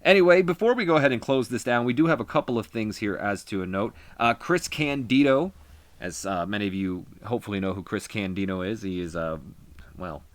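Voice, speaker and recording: A man's voice: deep voice, a bit bright, dry recording. A man casually narrating a wrestling management game, chatty with rambling asides. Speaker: gaming video host. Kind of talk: casual game playthrough commentary.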